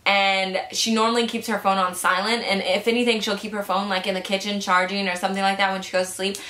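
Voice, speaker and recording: A young woman telling a story in casual, animated chat, full of "like" fillers. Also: mid-range voice, fast talker. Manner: chatty, animated, frequent "like" fillers. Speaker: vlogger. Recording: echoey room.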